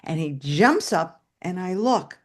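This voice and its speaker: A woman's voice: lowish voice, slow. A woman telling a story to an audience over a video call, acting out the scenes as she goes. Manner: animated, acts out scenes with shouted quotes.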